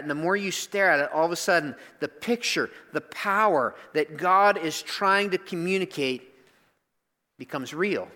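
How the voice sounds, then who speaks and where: A man with a high, bright voice preaching a sermon, conversational and emphatic as he speaks. The sound is a church hall with long reverb trailing each phrase. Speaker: pastor.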